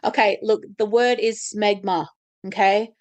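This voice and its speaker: A woman's voice: mid-range voice, steady tone, a little slow. A woman co-hosting a podcast in casual chat, giggly and apologetic, rambling as she searches for words. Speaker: podcast co-host.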